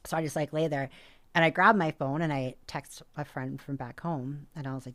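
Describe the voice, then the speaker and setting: Woman from canada, low voice, podcast guest, animated storytelling, swears a lot. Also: fairly quick. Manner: animated, swears freely, many fillers. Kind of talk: casual storytelling.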